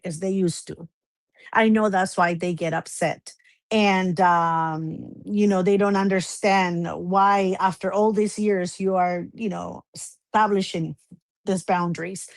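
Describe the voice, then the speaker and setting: A woman's voice: medium pitch, no room sound. Woman, 40s, talk-show guest, chatty rambling storyteller, dry close sound. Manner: rambling personal storytelling with many fillers. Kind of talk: casual chat.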